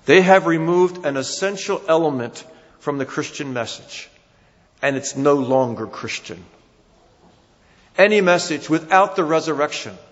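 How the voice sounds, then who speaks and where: A man with a New Jersey accent preaching a sermon, emphatic, his voice rising and falling for emphasis. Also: mid-range voice. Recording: dull sound with long hall reverb.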